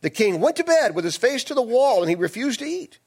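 Lively, chatty male preacher. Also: very high-pitched, brisk, gravelly, breathy edge. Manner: conversational, digressive, playful asides. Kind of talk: sermon with Bible reading.

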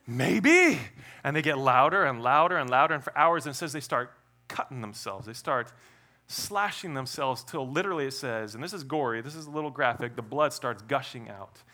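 A pastor preaching a sermon, retelling a story with lively acted-out quotes and playful asides. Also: male voice. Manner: animated storytelling preacher, acts out quotes and trash talk; shifts between loud excited bursts and low quiet asides.

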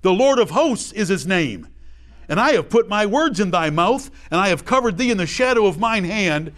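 His high-pitched, animated voice has a fairly bright tone and a normal speed as he leads a verse-by-verse Bible study. The teacher reads old scripture out loud, puts it into plain everyday terms, and acts out small voices and examples.

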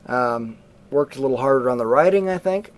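A man co-hosting a casual movie review chat, animated and mocking, acting out quotes from the film. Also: medium pitch, fairly quick. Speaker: podcast co-host.

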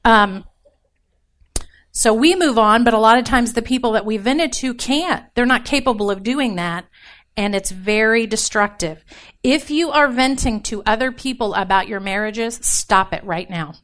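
A woman's voice: on the high side, normal speed. Woman preaching to a crowd, chatty and funny, asks for amens. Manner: animated, joking, asks audience for responses. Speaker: women's ministry speaker. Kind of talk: informal sermon.

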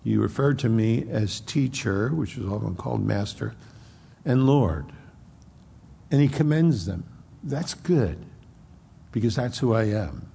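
Gravelly-voiced preacher in a reverberant church. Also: male voice, fairly low pitch, animated, unhurried, long pauses, mellow. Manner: conversational, acts out quoted speech. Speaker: pastor. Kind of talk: expository sermon.

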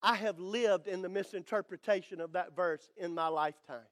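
A male pastor with a strikingly high voice preaches to his congregation. He builds to emphatic declarations and leans on dramatic pauses. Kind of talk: sermon.

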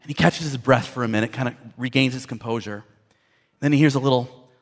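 A man's voice: medium pitch, a little fast. A man preaching a sermon as a pastor, conversational and storytelling, often repeating words as he builds a point.

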